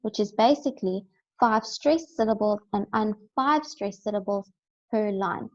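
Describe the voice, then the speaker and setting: A woman's voice: mid-range voice, unhurried, muffled recording. A woman teaching a recorded lesson, explaining step by step and often checking in with "right?".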